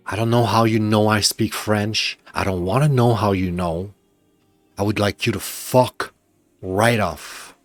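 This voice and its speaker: Low-voiced tired male streamer, dry close mic. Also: fairly even intonation, measured pace, no echo, faint music behind. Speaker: game streamer. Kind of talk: casual live-stream commentary.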